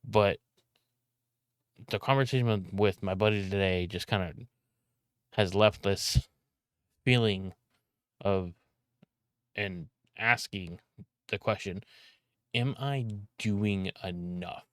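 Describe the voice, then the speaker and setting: A young man ranting casually to camera about content creation, talking loudly with frequent restarts and some swearing. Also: lowish voice, takes it slowly, long pauses, smooth, no room sound, studio quality. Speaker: content creator and video editor. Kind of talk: casual vlog rant.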